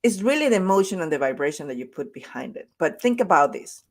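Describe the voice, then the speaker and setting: A woman coach delivers a conversational motivational talk in a fairly low voice. She is emphatic and returns to her key points to drive them home. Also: very animated, fast. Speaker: self-love coach.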